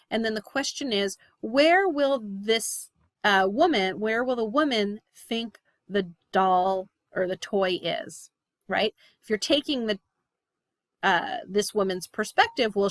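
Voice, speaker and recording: Woman lecturer, explanatory, frequent "right?", dry close sound, mid pitch. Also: dry recording. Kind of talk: recorded class lecture.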